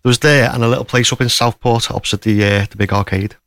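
A man's voice: mid-range voice, fairly even intonation, quick pace, fairly bright tone, dry recording. A man joins a radio studio, chatting and teasing the presenters in a dry way. His voice is mid-range and plain.

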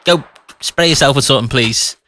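A man's voice: medium pitch, fairly quick, sharp tone. A man presenting a radio show in a studio, playful and teasing, chuckling between lines. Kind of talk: upbeat radio show chat. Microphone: studio microphone.

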